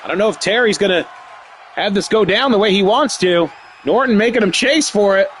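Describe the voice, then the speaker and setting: A man streaming live, calling a wrestling video game play by play. He yells, swears and laughs at the action. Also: high voice, fairly quick, slight background noise. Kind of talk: excited live play-by-play commentary.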